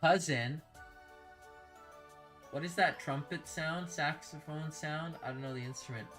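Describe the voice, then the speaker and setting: A man's voice: fairly high pitch, moderate pace, over music. A man chatting casually while live-streaming a game, rambling and reading out his chat. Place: home streaming setup.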